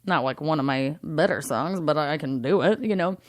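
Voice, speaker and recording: A young adult woman, a comedian, telling a story in a casual interview, animated and swearing, acting out the voices of the people in it. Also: low voice, normal speed, no echo, clean studio sound. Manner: animated, swearing, acts out voices in her stories. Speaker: comedian and singing waiter.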